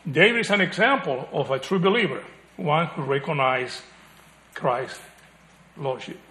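A man preaching a sermon, animated, chuckling and acting out the voices he quotes, then dropping to a hush. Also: a little high, measured pace, roomy sound.

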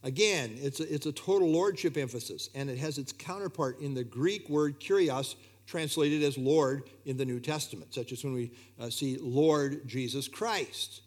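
A man's voice: medium pitch, moderate pace, hardly any pauses. A man preaching an expository sermon, earnest and emphatic, often repeating key phrases.

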